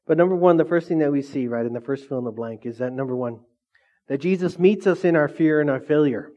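A man's voice: on the high side, fast, warm tone, dull audio. A male pastor preaching a sermon, repeatedly asking the congregation questions and prompting their replies. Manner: call-and-response questions to the congregation.

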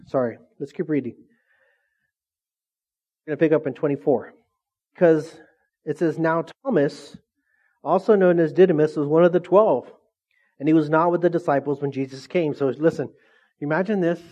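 A man preaching a sermon as pastor, casual and energetic, full of questions to the congregation. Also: a little high, lo-fi sound.

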